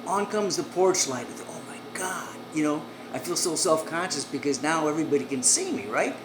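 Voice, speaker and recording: A woman telling a comic story in a brisk, animated way. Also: deep voice. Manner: brisk, animated, acts out voices. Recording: echoey room, air-conditioning hum.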